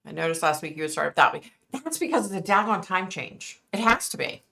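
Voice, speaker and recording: Bright, outspoken woman chatting live. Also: on the low side, lively intonation, a little fast, gravelly, slight background noise. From East Coast of the United States. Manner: chatty, outspoken, fired up, with mild swearing. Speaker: livestream host reading viewer chat. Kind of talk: casual live-stream chat.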